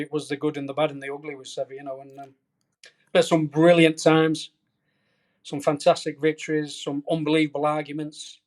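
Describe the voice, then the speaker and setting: A middle-aged man, a veteran golf caddie, telling colorful stories as a podcast guest. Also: fairly high pitch. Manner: animated, colorful storyteller. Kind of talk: storytelling anecdote in a podcast interview.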